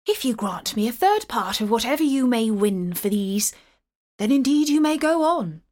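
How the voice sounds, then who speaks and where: A woman voicing a rude male court usher who speaks loudly and threateningly. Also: on the high side, very animated, moderate pace. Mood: greedy.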